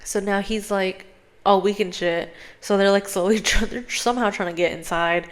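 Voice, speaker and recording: In a mid-range voice at normal speed, a young podcast host walks through a film's plot in a loose, rambling way. She says "like" constantly, swears a lot and brings the characters to life by acting out their lines.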